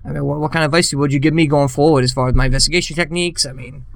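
A man's voice: fairly high pitch, fairly even intonation, racing, vocal fry, no echo. A man voicing an overexcited amateur ghost hunter who rambles and stumbles over his words. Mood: flustered. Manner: rambling, flustered, full of filler.

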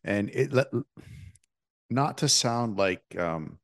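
A man's voice: medium pitch, expressive, no room sound. A man hosting a podcast, talking casually with many restarts and fillers. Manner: halting, lots of restarts and fillers. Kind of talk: casual interview chat.

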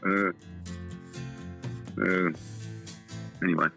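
A man's voice: deep voice, level tone, drawn-out words, creaky, bright, forceful tone, soft background music, low-quality recording. A middle-aged Australian man, a football journalist, talking candidly in a casual podcast interview, often repeating himself and restarting.

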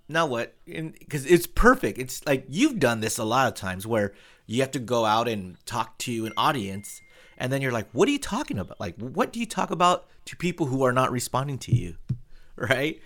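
A young man co-hosting a casual podcast, telling a story with lots of swearing and acted-out quotes. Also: medium pitch. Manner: animated storyteller, swears freely, acts out quotes. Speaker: podcast co-host.

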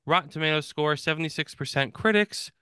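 A man co-hosting a movie podcast, chatting casually and reading out film stats with quick restarts. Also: a little high, sharp tone, smooth, dry recording, clean studio sound. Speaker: podcast co-host. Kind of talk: casual chat.

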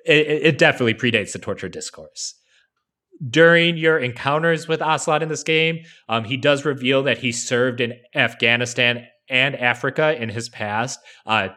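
A man co-hosting a podcast, talking casually and analytically with plenty of fillers. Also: mid-range voice. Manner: relaxed, explanatory, many fillers. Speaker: podcast co-host.

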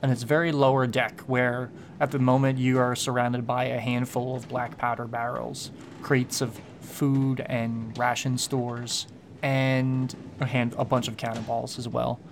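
A man runs a tabletop game, describing scenes at an easy, relaxed pace and dropping fillers as he goes. His voice sits at a middle pitch. Faint background noise stays behind him. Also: a little slow. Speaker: game master.

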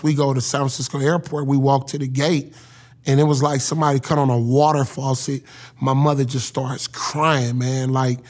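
A man telling his life story in an earnest, emotional, casual way, as a former football player. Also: medium pitch. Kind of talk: personal storytelling.

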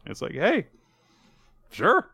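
A man co-hosting a casual podcast, retelling a manga chapter and acting out its characters' lines in quick voices. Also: high-pitched, huge pitch swings, creaky, bright, forceful tone, breathy edge, no echo. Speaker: podcast co-host. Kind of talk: casual manga recap chat.

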